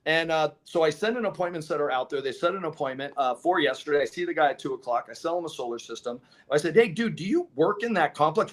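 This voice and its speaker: This fairly high-pitched, fast-talking man co-owns a solar company and is spinning stories in a casual interview. He's animated, voicing other people's lines and laughing along the way.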